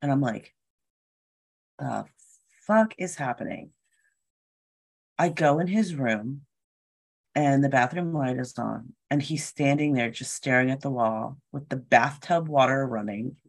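A woman's voice: extremely low pitch, moderate pace. A woman telling a story in casual chat, acting out what people said and swearing freely.

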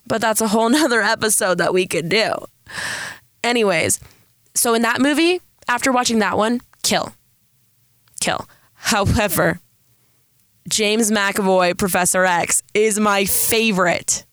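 This podcast host, a young woman from San Diego, California, rambles self-deprecatingly through her solo show with a Valley girl-style voice. She speaks in a fairly bright mid-range voice at a measured pace, pausing often, with studio-quality sound and no room echo.

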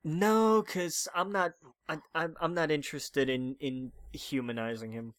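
A man's voice: fairly high pitch, a little slow, clean tone, dry recording. Man, podcast co-host, casual chat, rambling, dry close sound. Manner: rambling, animated storytelling with playful bits.

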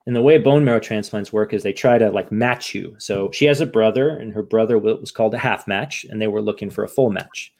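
A man from the United States speaks as a guest in a candid interview, his voice gravelly with a touch of fry. He sounds frank and emotional. He drops the odd curse word and often starts a sentence over. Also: fairly low pitch, brisk, hardly any pauses, darkish tone. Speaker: podcast guest and author.

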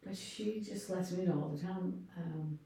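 A woman's voice: on the low side, measured pace, vocal fry, mellow. Woman in her sixties, far off in an echoey room. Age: 60s. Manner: tells everyday stories and acts out what people said. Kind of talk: casual Bible study chat.

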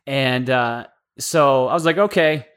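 A man's voice: mid-range voice, measured pace, smooth. A young man on a podcast, casually telling a long funny story and acting out the voices of the people in it. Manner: animated storyteller acting out quoted voices, lots of "like". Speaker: podcast co-host.

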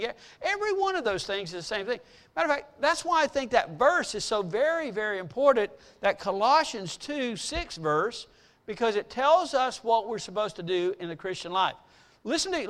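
A man giving devotional Bible teaching, asking the listeners questions, answering them himself, and slowing down to read verses with emphasis. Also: high voice, a bit bright. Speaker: preacher.

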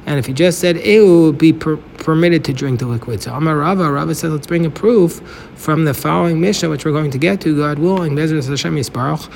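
A man's voice: fairly high pitch, fast, creaky, a little mellow, slight background noise. Man teaching Talmud in a reverberant hall. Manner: explains step by step, mixing Hebrew and Aramaic terms. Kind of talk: daily Talmud lesson.

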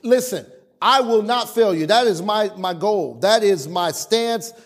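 A middle-aged man pastor preaching a sermon with dramatic pauses and call-and-response. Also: high-pitched, animated.

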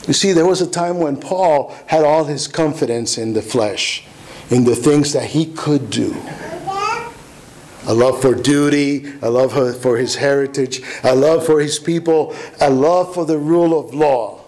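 A man's voice: fairly high pitch, measured pace, a little mellow, low-quality recording. A man preaching a sermon, earnest and emphatic, often restarting his words. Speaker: pastor.

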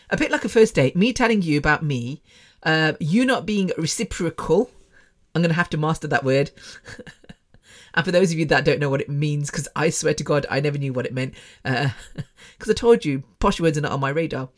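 A woman's voice: low-pitched, expressive, fairly quick. A woman from England in her forties talks straight to her listeners in a casual podcast monologue. She is chatty and self-mocking, with frequent laughter, in the easy manner of a former radio presenter.

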